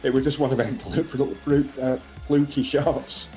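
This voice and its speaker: A man telling a gaming story in casual chat, excitable and stammering. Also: medium pitch, moderate pace, faint music behind. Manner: excitable, stammering, many yeahs.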